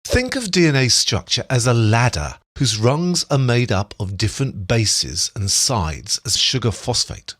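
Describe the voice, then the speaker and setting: A man giving scripted educational narration, explaining biology in a measured way. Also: mid-range voice, big pitch swings, a bit bright, dry recording, clean studio sound.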